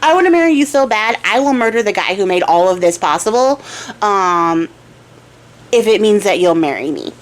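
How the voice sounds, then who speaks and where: A woman's voice: mid-range voice, lively intonation, normal speed, natural voice. A woman voicing an eager, lovesick male king in a casually told folktale, breezy and pushy.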